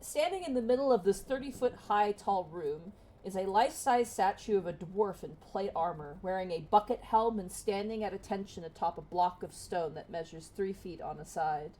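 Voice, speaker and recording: A woman's voice: mid-range voice, normal speed, few pauses, dark tone, slight background noise. A woman narrating as game master of a tabletop game, casual, swearing freely and often laughing.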